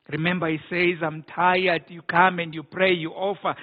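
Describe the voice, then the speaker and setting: A man's voice: sits high, level tone, moderate pace, few pauses. A male preacher, delivering an emphatic sermon with repeated words and restarts. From South Africa. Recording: phone-like narrow band.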